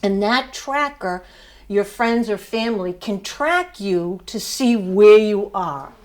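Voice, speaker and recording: A woman's voice: mid-range voice, lively intonation, slow pace. An older woman giving a motivational speech to her class, telling a story with emphasis and laughing at herself. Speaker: student speaker.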